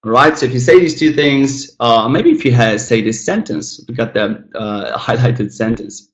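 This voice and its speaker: A man teaching English pronunciation in a live online lesson, speaking at an ordinary middle pitch. He demonstrates words over and over, stressing syllables deliberately, and keeps turning to viewers in the chat. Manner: lively, demonstrative, repeats model words slowly, talks to chat.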